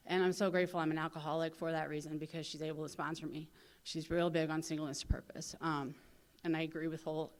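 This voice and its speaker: Woman, slightly low voice, from St. Louis, recovery convention speaker, casual storytelling, lots of "you know". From St. Louis, USA. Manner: acts out other people's lines with lively voice shifts. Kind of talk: personal recovery talk. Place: convention hall.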